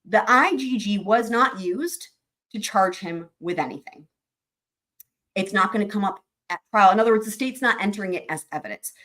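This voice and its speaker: Woman livestream host, chatty explainer, reads filings aloud, mid-pitched, asides to chat. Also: lively intonation, normal speed, fairly bright tone. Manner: chatty, with many fillers and asides to viewers. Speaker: host of a legal commentary livestream. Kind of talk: casual livestream commentary reading court filings.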